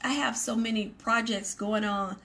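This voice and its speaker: Speaking at a normal speed in a fairly high, steady, sharp-toned voice, a ministry show host delivers an earnest devotional talk on her faith program. She emphatically repeats her points and addresses asides to her viewers.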